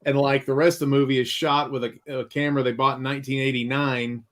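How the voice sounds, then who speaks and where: A man hosting a casual movie discussion who gives blunt, opinionated critiques in a steady roll. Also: medium pitch, fast. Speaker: podcast host.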